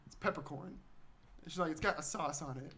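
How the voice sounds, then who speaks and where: A man's voice: on the high side, fairly quick, a little hiss or hum. A young man co-hosting a comedy podcast, telling a rambling, self-mocking story with frequent laughs. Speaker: podcast co-host. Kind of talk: casual storytelling chat. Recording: podcast with loud group laughter behind.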